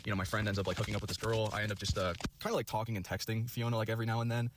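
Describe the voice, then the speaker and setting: Young guy, very fast talker with a lowish voice, rambling storyteller who swears constantly. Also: little pitch movement, noisy background. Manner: rambling, heavy on fillers and profanity. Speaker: storyteller in a video clip.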